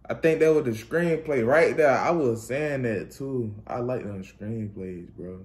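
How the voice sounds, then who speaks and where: A young man, bursting into loud exclamations over the plays. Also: medium pitch, measured pace. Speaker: reaction channel host. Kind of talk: casual sports highlight reaction.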